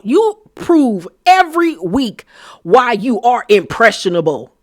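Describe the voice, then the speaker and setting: A woman recapping a reality TV episode on her channel, blunt, profane and sassy, often breaking into loud outbursts. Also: on the high side, sing-song, measured pace, no echo, studio quality. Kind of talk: casual episode recap commentary.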